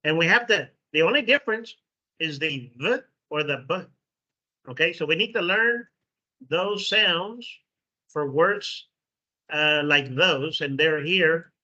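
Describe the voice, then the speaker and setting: He's an English pronunciation teacher from Mexico, Spanish being his first language, leading a classroom phonetics lesson. His bright, fairly high voice moves slowly as he repeats sounds and checks in with "okay." It's a dull lo-fi recording.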